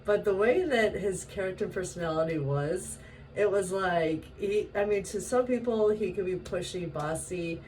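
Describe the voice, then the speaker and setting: A woman from Washington state telling a story in a casual, animated way, laughing often and acting out the voices she quotes. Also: mid-range voice, normal speed. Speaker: vlogger. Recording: distant mic with faint ambient noise.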